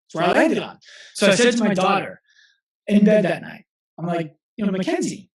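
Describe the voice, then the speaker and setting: A fairly high-voiced man in his thirties speaks earnestly as an interview guest, and he often restarts his sentences as he tells stories. His voice carries a roomy echo. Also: lively intonation. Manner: earnest, storytelling with quick restarts. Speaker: guest, physical therapist and coach. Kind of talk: conversational interview.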